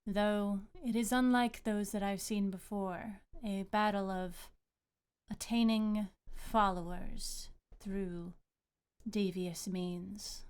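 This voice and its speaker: A woman voicing a huge, calm female water goddess who speaks slowly and formally. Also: mid-range voice, clear, resonant tone, close to an everyday voice. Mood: calm, stately. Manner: slow, measured and formal.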